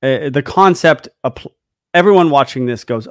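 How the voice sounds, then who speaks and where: On a podcast, a male host with a mid-range voice talks casually and fairly quickly about dog training. He gets worked up and animated as he acts out what the dog is thinking. The recording is clean studio sound with no echo.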